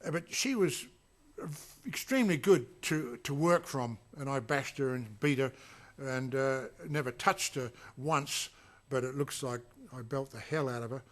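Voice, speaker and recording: A man recalling a film shoot in a casual, rambling way, full of fillers and restarts. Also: mid-range voice. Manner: acts out quotes with sudden loud shouts. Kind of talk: casual anecdotal reminiscence.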